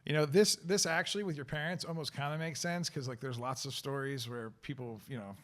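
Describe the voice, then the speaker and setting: A man's voice: medium pitch, steady tone, brisk, fairly bright tone. Rambling, chatty podcast host man. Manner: rambling, with lots of "like" fillers. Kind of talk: casual interview chat.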